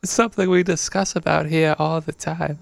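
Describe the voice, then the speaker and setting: A man's voice: a little high, fairly even intonation, brisk, vocal fry, no room sound, voice pushed up. A man putting on a goofy Australian bloke. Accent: put-on Australian.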